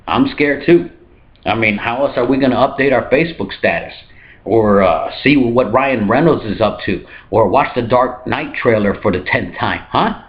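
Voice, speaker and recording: A man hosting a satirical comedy news monologue in a hotel room, delivering deadpan jokes and now and then jumping into high mock voices. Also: lo-fi sound. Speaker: comedy news show host.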